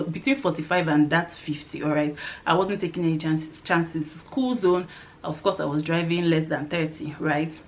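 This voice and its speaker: Woman, young adult, low-pitched, chatty vlogger, animated, frequent laughter, soft whispery asides, faint background noise. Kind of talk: casual storytelling to camera.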